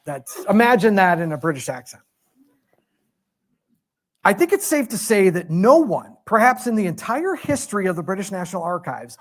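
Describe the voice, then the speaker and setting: A man giving a storytelling lecture as a guest speaker in a museum lecture hall, animated and joking at his own expense. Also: sits high. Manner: animated, self-deprecating humor.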